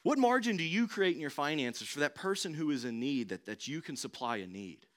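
A man's voice: fairly high pitch, big pitch swings, fairly quick, a bit bright. A young adult man preaching a sermon as pastor, emphatic, repeating key phrases and putting questions to the congregation.

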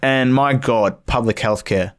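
A man's voice: medium pitch, measured pace, clear, resonant tone. A man co-hosting a podcast, telling a story in casual chat, laughing and swearing freely. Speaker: podcast co-host.

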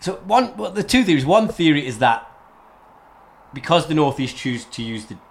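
A man's voice: fairly high pitch, sing-song, normal speed. A man from North East England hosting a casual history podcast, rambling and often correcting himself. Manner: rambling, many restarts and self-corrections. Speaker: podcast host.

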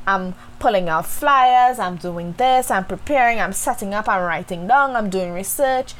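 A woman's voice: mid-range voice, moderate pace, fairly bright tone, low-quality recording. Candid woman talking to listeners. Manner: candid, conversational, addresses listeners as y'all. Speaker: podcast host. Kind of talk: reflective faith monologue.

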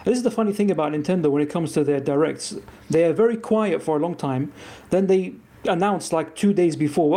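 A man's voice: on the high side, animated, fast talker, hardly any pauses, warm tone. A man co-hosting a gaming stream in casual chat, hesitant and full of restarts. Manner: hesitant, many fillers and restarts.

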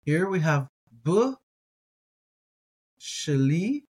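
A Hebrew teacher's slightly high, somewhat mellow and slightly rough voice swings widely in pitch and draws out words. Teaching reading, he sounds out syllables one at a time, hesitates with many ums and uhs, and corrects himself.

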